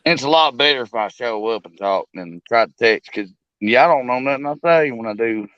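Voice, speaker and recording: A man's voice: medium pitch, animated, normal speed, dry recording, highs cut off. A man who fishes, chatting on a live stream in a laid-back, folksy way and laughing a lot. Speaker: fishing guest on a live stream. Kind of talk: casual live-stream chat.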